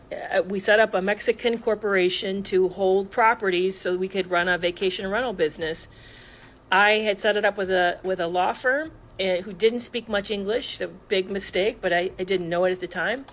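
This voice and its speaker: A woman telling a personal story in an earnest, halting way, with many restarts. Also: medium pitch, rough recording.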